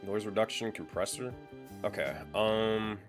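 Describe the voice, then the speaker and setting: Low-voiced streamer muttering over settings. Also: male voice, a little slow, faint music behind. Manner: swearing, muttering while fiddling with audio settings. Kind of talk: casual live-stream chat.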